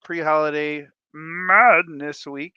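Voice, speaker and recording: A man hosting a casual livestream chat, playful and animated, tired and a bit congested, talking on a close desk mic. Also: a little high, slow pace, smooth, dry recording, dull audio. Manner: animated, playful, breaks into laughs and silly voices. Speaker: livestream host.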